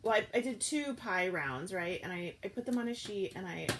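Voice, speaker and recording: A woman in her thirties, a food vlogger, hosts a live morning chat stream, rambling casually with plenty of fillers and restarts. Her mid-range voice is animated at a moderate pace, and the background is noisy.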